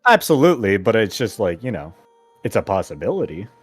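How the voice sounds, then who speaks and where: Low-voiced man planning moves eagerly. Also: big pitch swings, brisk, breathy edge, dry recording, soft background music. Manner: eager, plotting tactics aloud. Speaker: player. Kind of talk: casual tabletop game chat.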